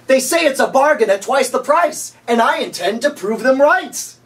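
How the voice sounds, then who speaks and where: A man putting on the voice of an over-the-top infomercial pitchman, with a booming, drawn-out salesman delivery. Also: recorded from a distance, heavily acted.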